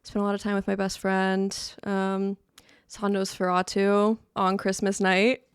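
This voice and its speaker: A woman's voice: mid-range voice, monotone, unhurried, clean tone, dry recording. Playful woman from Florida, dry close sound. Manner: playful and teasing, laughs easily. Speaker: podcast co-host. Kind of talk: casual chat. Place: podcast studio.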